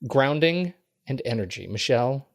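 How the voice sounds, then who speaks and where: A man's voice: medium pitch, very animated, moderate pace, vocal fry. A man hosting a podcast, introducing the show and guest with upbeat, enthusiastic energy. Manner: upbeat, enthusiastic announcer delivery. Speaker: podcast host.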